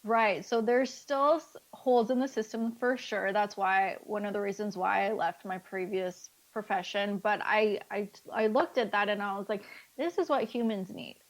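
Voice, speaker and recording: A woman speaking as a life coach guest in a casual interview, lively and acting out the dialogue she quotes. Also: mid-range voice, normal speed, hardly any pauses.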